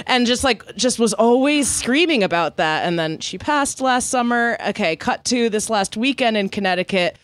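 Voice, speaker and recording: A young woman co-hosting a podcast, telling a story in a casual, animated way, laughing often and acting out the people she quotes. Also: fairly high pitch, moderate pace, hardly any pauses, dry recording. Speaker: podcast co-host.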